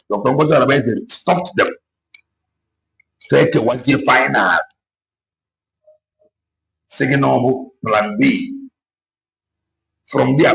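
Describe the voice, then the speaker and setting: Gravelly man, impassioned. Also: on the high side, slight background noise, low-quality recording. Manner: mixes Igbo and English, repetitive, exhorting. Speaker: activist speaker. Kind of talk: impassioned political talk.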